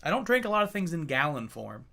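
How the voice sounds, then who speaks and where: A man with a fairly high, bright, forward voice, talking loosely through a whiskey tasting on a livestream. He jokes, curses casually and chats back to viewers between sips. His tone is relaxed and unscripted. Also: fast, vocal fry. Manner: loose, joking, swears freely. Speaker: whiskey reviewer and streamer.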